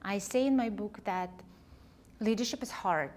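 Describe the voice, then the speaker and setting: A woman leadership coach and author, speaking as an interview guest in a thoughtful, heartfelt way, often pausing to search for words. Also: medium pitch, darkish tone. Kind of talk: reflective conversational interview.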